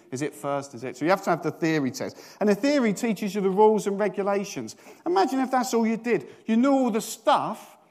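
Middle-aged man from Britain, preacher, fairly high voice, chatty sermon with self-deprecating jokes. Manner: chatty, self-mocking, asks the congregation questions. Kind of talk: storytelling sermon.

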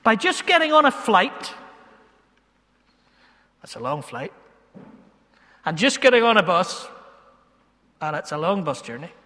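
A man, a pastor preaching a sermon in church, moving between loud emphasis and hushed, slowed asides. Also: high voice, wildly swooping pitch. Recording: long hall reverb.

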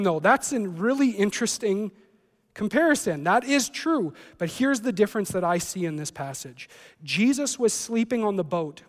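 A man's voice: high voice, in a large hall. A man preaching a sermon as a pastor, reading scripture and then talking in a conversational way with joking asides.

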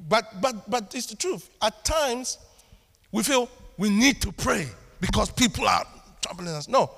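A man preaching a sermon to his church, animated and acting out little family scenes as he talks. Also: high voice, unhurried, gravelly. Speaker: pastor. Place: church hall. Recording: long hall reverb.

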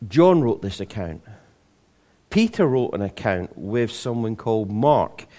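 A man preaching a sermon in a relaxed, conversational way, with jokes and frequent restarts. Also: fairly low pitch, measured pace. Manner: conversational, humorous storytelling with many restarts.

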